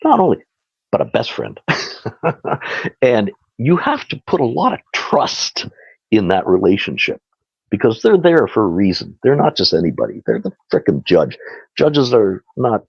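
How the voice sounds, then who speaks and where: Animated chatty man, dull dry sound. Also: fairly low pitch, moderate pace, creaky, slightly rough, dry recording. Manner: animated, chatty, laughs often. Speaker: guest. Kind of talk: casual storytelling.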